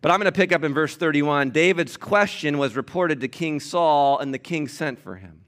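A pastor preaching an animated, emphatic sermon, teaching from scripture and speaking directly to his congregation. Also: a little high, normal speed.

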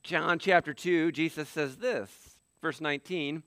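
A middle-aged man preaching a sermon as pastor, animated and acting out quoted dialogue. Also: on the high side, unhurried, no room sound.

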